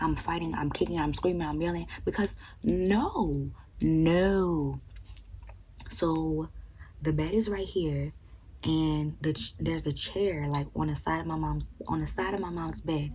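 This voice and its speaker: A young adult woman vlogger telling a storytime with animated, profane delivery that often drops into emphatic whispers. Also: on the low side, a little hiss or hum, low-quality recording. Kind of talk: storytime vlog.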